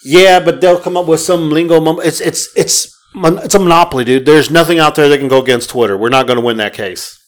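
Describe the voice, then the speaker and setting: A man co-hosting a podcast, ranting in casual chat with plenty of swearing. His voice sits a little higher than most men's. He talks in an animated, profane way. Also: a little fast, hardly any pauses. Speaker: podcast co-host.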